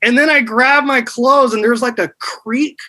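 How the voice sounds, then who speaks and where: A man in his thirties tells a crude tale in a loose podcast chat, peppering it with "dude". His voice sits high and rings bright and forceful. He stays animated throughout. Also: measured pace, low-quality recording.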